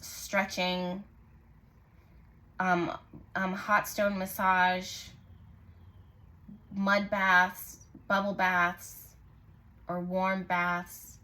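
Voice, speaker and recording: A woman hosting her own channel, giving a casual tarot reading to camera in a soft, musing way, often pausing to say what she senses. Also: medium pitch. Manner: musing, intuitive, lots of "like" and "I just heard". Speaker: tarot reader and channel host.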